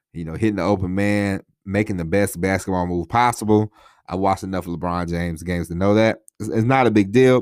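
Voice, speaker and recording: Male podcast host, deep voice, dry close sound, loose rambling delivery. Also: no echo. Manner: conversational, repeats himself, frequent "you know what I mean". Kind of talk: casual solo podcast talk.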